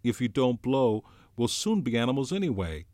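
A man voicing an anxious, fussy schoolboy with glasses, in a shrill, worried whine, in an audiobook reading. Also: big pitch swings, normal speed, darkish tone, no echo, clean studio sound, close to an everyday voice. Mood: anxious urging. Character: anxious, fussy, bespectacled boy, careful and nagging.

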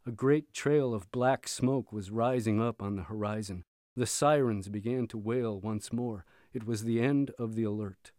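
A man reading a memoir aloud in a measured, steady storytelling voice. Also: on the low side, no room sound, studio quality. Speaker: reader.

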